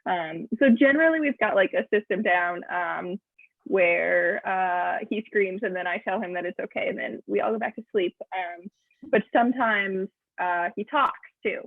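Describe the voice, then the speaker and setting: A woman's voice: medium pitch, normal speed, creaky, no echo, narrow, tinny audio. A woman telling a true story at an improv comedy show, hesitant, with many ums and uhs. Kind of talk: storytelling monologue.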